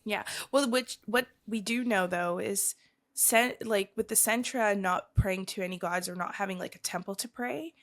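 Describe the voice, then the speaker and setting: A woman's voice: medium pitch, moderate pace. A woman co-hosting a podcast, giving a chatty, rambling recap full of fillers. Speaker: podcast co-host.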